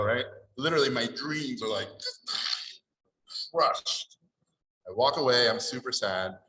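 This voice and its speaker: Middle-aged guy from mexico telling stories at a panel, bright voice, echoey room, bit of noise. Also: mid-range voice. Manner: animated, acts out the people in his stories. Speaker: panelist at an art event. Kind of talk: storytelling at a panel Q&A.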